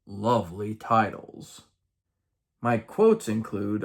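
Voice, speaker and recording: A man's voice: medium pitch, animated, unhurried. A man in his late thirties reading aloud from a personal journal, with wry, amused asides and playful lifts in his voice.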